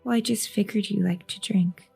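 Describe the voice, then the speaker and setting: A woman's voice: mid-range voice, fairly even intonation, normal speed, creaky, breathy edge, soft background music. A woman voicing a timid, hesitant little girl. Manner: hesitant, soft-spoken.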